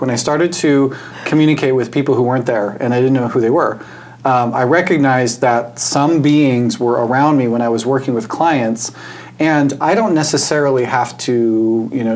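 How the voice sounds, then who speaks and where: A man, a guest who does energy work, talking earnestly and reflectively in a relaxed conversation and slowing down to stress his points. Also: medium pitch, low-quality recording. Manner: earnest, reflective, slows down for emphasis. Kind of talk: casual spiritual conversation.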